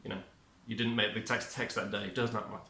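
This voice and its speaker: Man, casual vlog monologue, upbeat, self-interrupting, low-pitched, echoey room. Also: flat delivery, fast talker, sharp tone. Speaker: vlogger.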